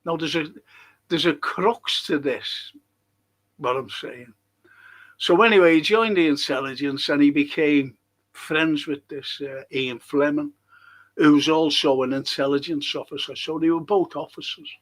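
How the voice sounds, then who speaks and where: A man's voice: fairly high pitch, a little slow, fairly bright tone, low-quality recording. An older man, co-hosting a casual chat and telling long rambling anecdotes. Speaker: co-host.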